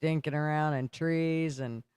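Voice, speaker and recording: A man's voice: a little high, steady tone, unhurried, darkish tone, smooth, no room sound, studio quality. A man telling family stories in a chatty, casual podcast conversation, laughing as he talks. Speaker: podcast co-host. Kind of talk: casual storytelling chat.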